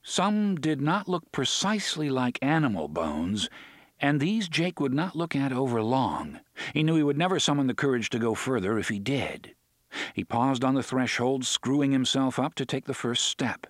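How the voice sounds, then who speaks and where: A man reading an audiobook in a dramatic way, slowing down to stress the grim details. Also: medium pitch, sing-song, no echo, clean studio sound. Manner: dramatic, with slowed emphasis on dark details. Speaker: audiobook narrator. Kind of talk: scripted audiobook narration.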